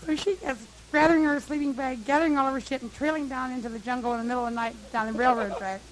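A woman telling a long, lively, profane anecdote to a group, laughing often. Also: high-pitched, fast talker, poor audio. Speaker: storyteller at a meeting. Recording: hissy old tape recording.

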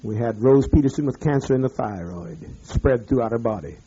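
A man, a pastor, berating his congregation in a profane rant, swinging from shouting to muttering. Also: mid-range voice, expressive, brisk, lo-fi sound, slight background noise. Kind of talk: ranting address to his congregation.

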